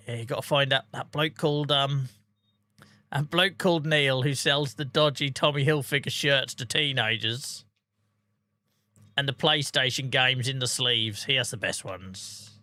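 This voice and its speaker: A man's voice: mid-range voice, unhurried, pushed and bright, no echo. A man chatting casually on a live game stream, bantering, laughing often and answering viewers' messages. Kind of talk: casual live-stream chat over gameplay.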